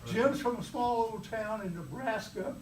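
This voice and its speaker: A man's voice: sits high, normal speed. A man giving a humorous prepared speech at a club meeting, playfully teasing the audience with mock examples. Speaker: club speaker. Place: meeting room. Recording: roomy, from far off, faint background noise.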